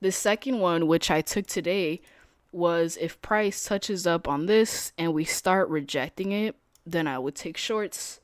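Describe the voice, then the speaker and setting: A woman's voice: lowish voice, unhurried, dry recording, clean studio sound. A young adult woman streaming as a day trader, talking casually in slangy speech, laughing easily and explaining her setups.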